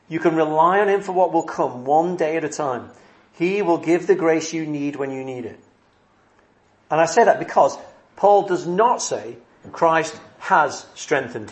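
Earnest preacher with a slightly high voice. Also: male voice. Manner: earnest, shifting between brisk and slow emphatic phrasing. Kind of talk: sermon.

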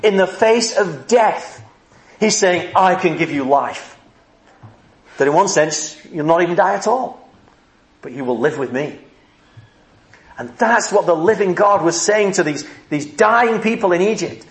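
A man's voice: high voice, lively intonation, unhurried. A man preaching a sermon, earnest and emphatic, acting out the people he quotes. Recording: echoey room.

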